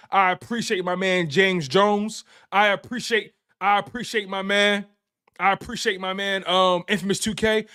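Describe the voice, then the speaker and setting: A man hosting a live sports talk stream, talking casually and repeating himself as he banters with his chat. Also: high-pitched. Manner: animated, repetitive, playful trash talk to chat. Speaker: sports show host.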